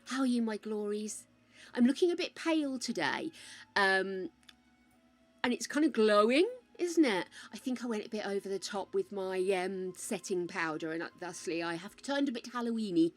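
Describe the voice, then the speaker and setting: A woman's voice: mid-range voice, expressive, normal speed. A woman hosting a casual live stream, chatting while she plays and calling her viewers pet names.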